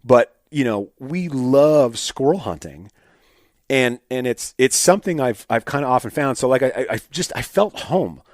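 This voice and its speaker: A man telling stories as a podcast guest in a casual, animated way, full of fillers and restarts. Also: mid-range voice, moderate pace, dry recording, clean studio sound. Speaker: podcast guest, state game bird biologist. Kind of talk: casual storytelling in an interview.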